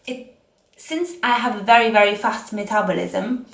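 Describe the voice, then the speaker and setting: A young Italian-accented woman, a fitness vlogger, sits on a chair at home giving casual fitness advice. She's chatty and self-mocking, wandering into rambling asides, speaking at a moderate pace in a medium-pitched voice. The room is echoey.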